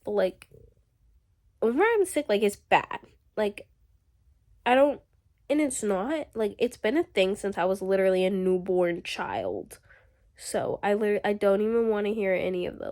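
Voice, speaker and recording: Woman, casual vlog rant, animated, filler-heavy, mid-pitched voice. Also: unhurried. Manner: ranting, animated, many "like"s and "literally"s. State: recovering from illness. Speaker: vlogger.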